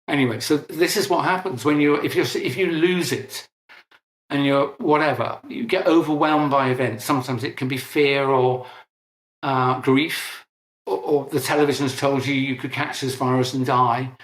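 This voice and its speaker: A man's voice: medium pitch, steady tone, normal speed, roomy sound. A middle-aged man, an interview guest, explaining at length in a conversational, emphatic way and correcting himself as he goes.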